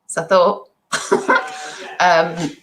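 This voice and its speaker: A woman's voice: fairly low pitch, sing-song, very slow, fairly bright tone, a little hiss or hum, rough recording. A middle-aged woman chatting on a live stream as an online seller, rambling and self-deprecating. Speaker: eBay seller livestreaming.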